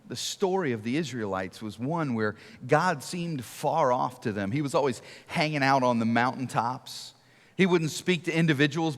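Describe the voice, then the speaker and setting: A middle-aged man preaching a sermon to a church, telling stories and asking rhetorical questions, sometimes dropping to a hush for emphasis. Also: a little high. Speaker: guest preacher. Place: large church auditorium. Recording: long reverb of a large hall.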